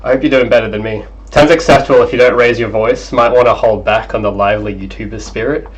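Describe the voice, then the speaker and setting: A young man streaming as a game developer, chatting casually and excitably, apologizing often, over a cheap gaming headset mic. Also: medium pitch, fast talker, muffled recording, background noise. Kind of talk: casual livestream chat.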